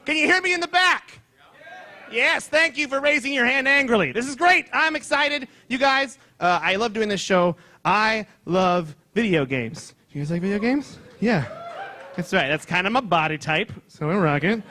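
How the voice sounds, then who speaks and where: A man doing a loud, excitable, self-mocking stand-up comedy set on stage before a live audience. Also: high voice, normal speed.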